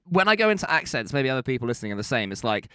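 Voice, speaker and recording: A man's voice: mid-range voice, big pitch swings, racing, fairly bright tone, smooth. A man co-hosting a podcast, chatting playfully and teasing his friend. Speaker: podcast co-host. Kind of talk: casual chat.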